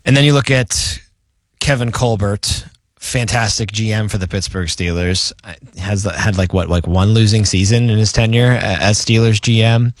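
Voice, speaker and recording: A man talks football on a casual sports show, steadily listing a team's achievements. His voice sits on the low side. The sound is dry and close to the mic. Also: steady tone, normal speed, dry recording.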